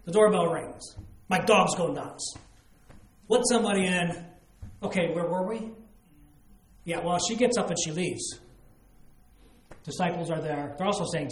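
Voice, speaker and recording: Preaching man, slightly high voice. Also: unhurried, long pauses, reverberant. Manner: expository preaching with acted-out quotes and emphatic asides. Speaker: pastor. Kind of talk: sermon.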